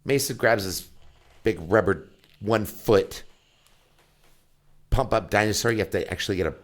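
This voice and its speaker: A father chatting casually, telling an animated family story, acting out quotes and swearing freely. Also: lowish voice, normal speed. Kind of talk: casual chat.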